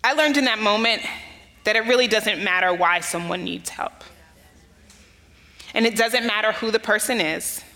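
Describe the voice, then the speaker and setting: At a moderate pace broken by long pauses, a woman pastor from the United States preaches in a bright, forceful, medium-pitched voice. Her sermon is an earnest personal story with key phrases stressed ever more strongly, heard through long hall reverb.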